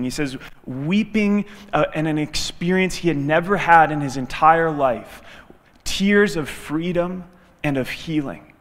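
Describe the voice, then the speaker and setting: Speaking as a guest pastor in a large hall, a man with a voice on the high side preaches a sermon. He tells a story with lively delivery, acting out the quoted dialogue.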